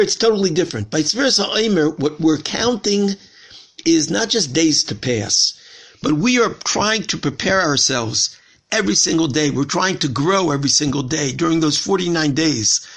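A man's voice: on the high side, vocal fry, a bit bright, husky. A man from Washington, D.C., giving a conversational Torah lesson as a rabbi, earnest and telling a story with repeated phrases. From Washington, D.C., USA. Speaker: rabbi teaching.

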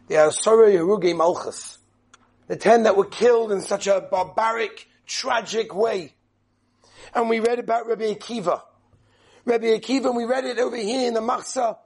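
A man giving an impassioned sermon in a study hall, speaking with emphatic, dramatic pauses. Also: very high voice, breathy edge.

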